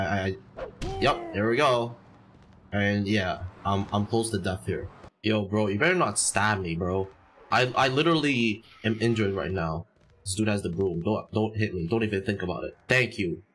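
A man's voice: fairly low pitch, measured pace, fairly bright tone, slight background noise. A man hosting a casual let's-play, reacting aloud with lots of exclamations and slang. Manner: exclaiming, slangy, says "bro" often. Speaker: gaming channel host.

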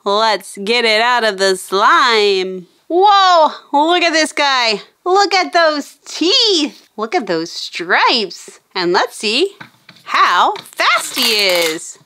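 A woman presenting a playful toy demonstration for children in an excited, sing-song way, with playful roars. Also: a little high. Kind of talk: playful toy demo for kids.

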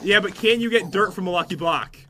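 A man co-hosts a casual gameplay session, excitable and fond of teasing his partner. His voice sounds bright and crisp, recorded close on a gaming mic. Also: high-pitched, a little fast, slight background noise. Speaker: gaming channel co-host.

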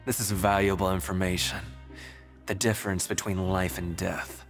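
A man's voice: deep voice, little pitch movement, normal speed, faint music behind. An actor playing a sly, chuckling older male prisoner who trades secrets, in video game voice acting. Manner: teasing, conspiratorial, chuckling.

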